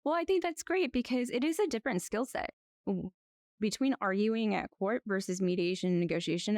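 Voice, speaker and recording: A woman lawyer being interviewed, chatting in a rambling, lively way with frequent restarts. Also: mid-range voice, no room sound, clean studio sound. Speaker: guest, lawyer. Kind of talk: conversational interview.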